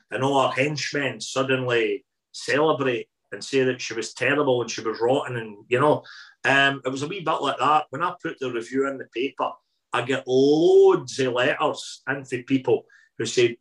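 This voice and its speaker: A Scottish man with a voice in the middle of the usual pitch range spins casual anecdotes as an interview guest. He is lively and repeats words for emphasis. He sounds like a man in his fifties chatting freely. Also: normal speed, rough recording. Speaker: interview guest, food columnist.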